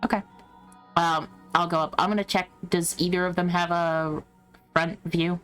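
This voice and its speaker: A woman's voice: on the low side, steady tone, normal speed, a bit bright, smooth, soft background music. A woman playing in a tabletop game, speaking plainly and matter-of-factly in character. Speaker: player. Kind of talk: casual tabletop role-play.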